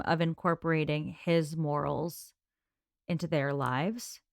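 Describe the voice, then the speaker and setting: A lower-pitched woman co-hosts a podcast, steering a casual book discussion from one question to the next. Her voice is smooth and clear. The recording is dry and close-miked. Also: dry recording. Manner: leads the segments, organized and talkative. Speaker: podcast co-host.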